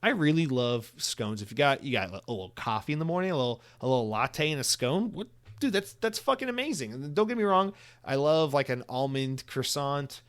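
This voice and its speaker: A young American man hosts a podcast on his own and rambles through it in a loose, chatty way. He swears freely and keeps restarting his sentences. His voice sits at an ordinary middle pitch. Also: sing-song, fairly quick. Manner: rambling, profane, lots of restarts and "like". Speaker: podcast host. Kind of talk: casual solo podcast monologue.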